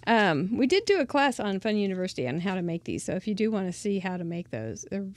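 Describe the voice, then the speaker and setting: A woman's voice: mid-range voice, very animated, quick pace, dry recording. A woman hosting a craft channel, gushing and chatty as she shows off mail she was sent, often laughing. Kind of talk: casual show-and-tell of mail.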